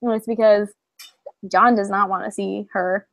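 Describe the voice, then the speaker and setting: A young woman co-hosting a casual livestream, relaxed and hesitant with fillers while she thinks aloud. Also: medium pitch, moderate pace, gravelly, no echo. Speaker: co-host.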